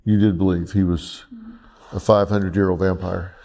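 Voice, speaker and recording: A man interviewing calmly, asking probing questions and repeating answers back. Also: sits low, normal speed.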